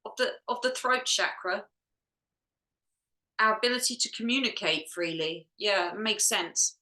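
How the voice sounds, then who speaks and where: A woman guides a group healing session in a bright, clear voice, checking each step aloud in a soft, musing way. She sounds close to tears at times. The room around her is echoey. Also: mid-range voice, measured pace. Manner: soft, musing, talks to herself while checking. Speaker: energy healer.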